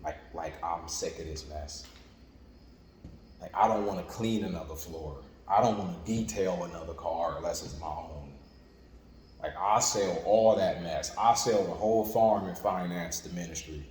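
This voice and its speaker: A man's voice: fairly low pitch, a little slow, darkish tone, a little hiss or hum. A man preaching an informal sermon in a conversational, repetitive way, with lots of "like" and "you know what I'm saying". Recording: echoey room with long reverb and faint ambience.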